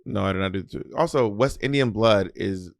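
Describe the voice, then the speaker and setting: A man's voice: lowish voice, normal speed, creaky, no echo, clean studio sound. A young man co-hosting a podcast, talking in a teasing, bantering way. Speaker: podcast co-host. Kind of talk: casual chat.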